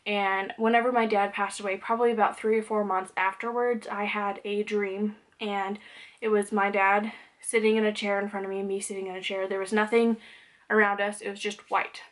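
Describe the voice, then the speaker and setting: Young woman just talking to her camera, open and chatty, lots of likes and ums, mid-pitched voice. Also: flat delivery, moderate pace. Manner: candid, conversational, frequent "like" and "um". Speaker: vlogger. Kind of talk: personal talking-to-camera vlog.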